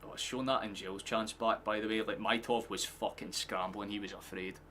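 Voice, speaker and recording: Here a young Scotsman reacts live on stream to a football game, his lowish voice moving at a moderate pace over a little hiss or hum. He chats with viewers, curses often, and gets worked up, bursting into shouts at goals.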